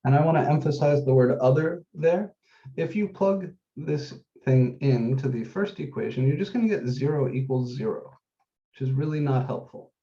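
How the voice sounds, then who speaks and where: A man teaching a math class, working through each step methodically and repeating the key points, slowing down on the numbers as he writes. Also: mid-range voice, expressive, mellow. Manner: methodical, repeats key steps, says numbers slowly while writing. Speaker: math instructor. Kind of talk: classroom lecture. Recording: dull echoey classroom recording.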